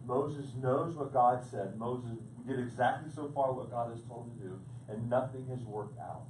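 A man preaching a sermon as pastor, repeating words as he builds to loud, urgent points. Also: medium pitch, normal speed, slight background noise. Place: church sanctuary. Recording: echoey room picked up from a distance.

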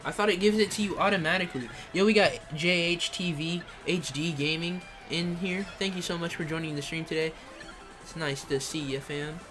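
A young man livestreaming a kart racing game, reading chat and shouting during play. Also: on the high side, fairly even intonation, moderate pace, faint music behind. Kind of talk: live gameplay streaming.

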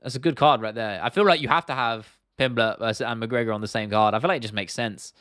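A man's voice: mid-range voice, fast talker, fairly bright tone, no echo, studio quality. A man hosting a casual livestream Q&A. He rambles a little and answers viewer questions directly and bluntly. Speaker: host.

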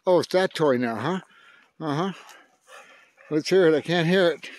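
A man's voice: fairly high pitch, moderate pace, a little mellow, dry recording. An older man talking casually to his dog, coaxing and teasing it with mild curses. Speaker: dog owner playing with his pet.

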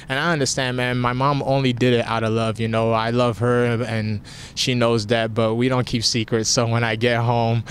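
A young man answers questions right after a fight, talking frankly and at times with a catch in his voice. His voice sits in a middle pitch. A faint rumble runs under the recording. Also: flat delivery, moderate pace, a bit bright. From family from Nigeria. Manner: candid, emotional, gets choked up. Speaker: fighter interviewed after a win. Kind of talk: post-fight interview.

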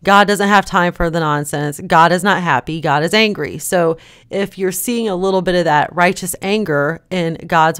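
A woman's voice: on the low side, a bit bright, clear, resonant tone. Woman, vlog host, fervent, emphatic, scolding, preachy commentary.

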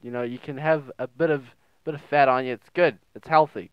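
A man's voice: medium pitch, fairly even intonation, brisk, few pauses, clear, resonant tone, dry recording, lo-fi sound. A young man giving casual, crude, joking commentary while playing a game, often reading messages aloud in silly voices. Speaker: gaming video host. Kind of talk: casual let's play commentary.

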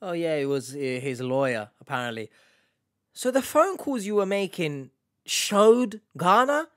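A man's voice: fairly high pitch, expressive, measured pace. Exasperated man reacting sarcastically. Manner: mocking, exasperated, swings between mutters and outbursts. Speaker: reaction video host.

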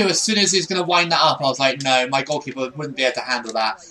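A man's voice: mid-range voice, very fast, pushed and bright. A young man giving casual commentary over a football video game, often frustrated and swearing at it. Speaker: gaming YouTuber.

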